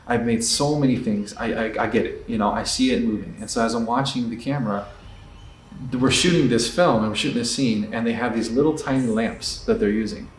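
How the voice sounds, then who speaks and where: A man's voice: medium pitch, brisk, slight background noise. A man, an indie filmmaker, giving candid advice in a blunt, profane, emphatic storytelling manner. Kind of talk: candid advice rant to camera. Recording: echoey room, distant mic, faint ambience.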